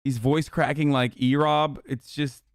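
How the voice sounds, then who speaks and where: A man's voice: medium pitch, measured pace, smooth, no room sound, clean studio sound. A man streaming a reaction to a crime video, talking casually with lots of swearing, incredulous and worked up. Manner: profane, incredulous, animated rants.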